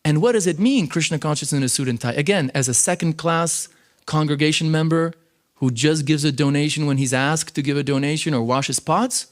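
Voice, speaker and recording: Man giving a lively scripture class. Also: on the high side, a little fast. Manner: animated, conversational lecturing with frequent "you know". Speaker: religious class teacher. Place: temple class.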